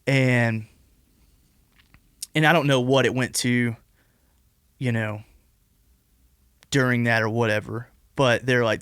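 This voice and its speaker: A man's voice: medium pitch, steady tone, a little slow, pauses often, a bit bright, dry recording, studio quality. A man in his twenties, a podcast guest telling a long personal story in a casual, rambling way, full of "like" and restarts. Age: 20s. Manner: rambling, heavy use of "like" and restarts.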